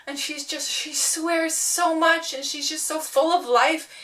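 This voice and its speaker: A woman's voice: sits high, fairly even intonation, unhurried, sharp tone, distant mic. A young woman book vlogger chatting casually, gushing and giggly, with lots of "like" fillers. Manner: gushing and giggly, heavy use of "like". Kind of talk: casual chat.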